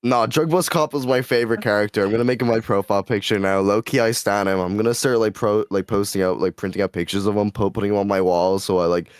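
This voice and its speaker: A man's voice: fairly low pitch, steady tone, fast talker, few pauses, smooth, no room sound, studio quality. A young man co-hosting a live stream in casual chat, joking and riffing in a playful, mock-dramatic way. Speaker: stream co-host.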